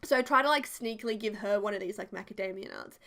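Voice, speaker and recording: A woman, casually telling a story, chatty and animated with lots of "like". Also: medium pitch, fast talker. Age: 20s. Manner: chatty and animated, heavy use of "like". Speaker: video creator. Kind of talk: casual storytelling over a build video.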